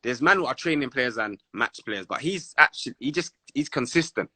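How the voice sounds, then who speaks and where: Animated London man, bright voice. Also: medium pitch, a little fast, no room sound. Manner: animated storytelling in street slang. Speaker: former footballer, guest. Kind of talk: casual sit-down interview.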